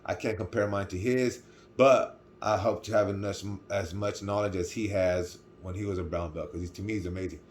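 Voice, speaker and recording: Rambling Californian man, low voice. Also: fairly even intonation, moderate pace, a little hiss or hum. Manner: rambling, full of restarts and "right?" asides. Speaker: vlogger. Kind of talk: casual storytelling to camera.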